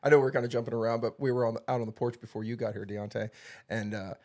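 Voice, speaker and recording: A man's voice: mid-range voice, level tone, fast, darkish tone. A man hosting a casual podcast, rambling through stories and steering the conversation between topics. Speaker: podcast host. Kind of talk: casual chat.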